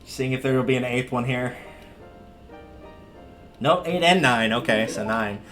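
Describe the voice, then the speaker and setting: A man's voice: mid-range voice, fairly bright tone. Chatty, wry man streaming a game. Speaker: livestreamer. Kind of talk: casual gameplay commentary.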